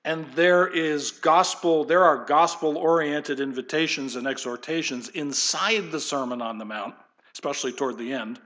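This is a male pastor whose voice runs a touch high and a little bright. He preaches casually, as if in conversation, and keeps straying into folksy tangents.

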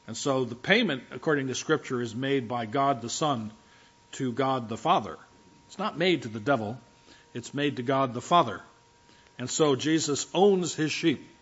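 A man's voice: mid-range voice, fairly bright tone. A man preaching a sermon as a pastor, talking conversationally with humorous, self-deprecating asides and frequent restarts. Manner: frequent restarts and filler words. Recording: dull lo-fi recording.

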